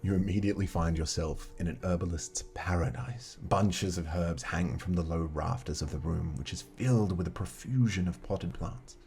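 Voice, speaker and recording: A chatty game master speaks at normal speed with few pauses in a low, somewhat mellow voice. He works through a solo tabletop adventure book, reading its text aloud and talking with his chat.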